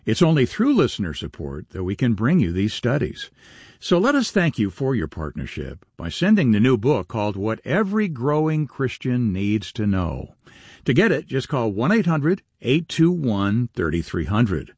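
A man's voice: mid-range voice, huge pitch swings, moderate pace, a little mellow, breathy edge, dry recording, clean studio sound. A man co-hosting a radio ministry, reading offer and contact details. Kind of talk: scripted radio announcement.

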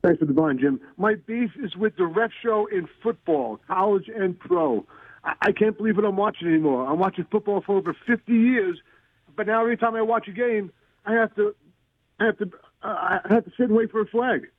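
A man's voice: high-pitched, fairly quick, slightly rough, no room sound. A man calling in to a sports radio show, exasperated and repeating himself. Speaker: caller. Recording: tinny phone line.

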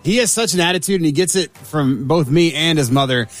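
A man's voice: brisk, no echo, soft background music. A man who is a parent of two young children, chatting casually and telling a laughing story about his son. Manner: laughing storyteller, drops low when setting up a story. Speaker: guest and parent. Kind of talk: casual chat.

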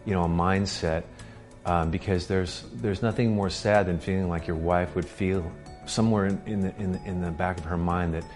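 Husband co-host, deep voice, thoughtful and halting, faint music bed. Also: male voice, fairly even intonation, a little mellow. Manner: reflective, stumbling over repeated words. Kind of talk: casual faith-based chat.

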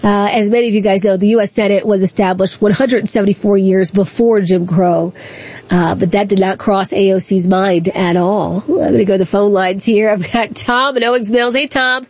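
A woman hosting a call-in radio talk show, chatty and quick, laughing often between points. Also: medium pitch, steady tone, darkish tone.

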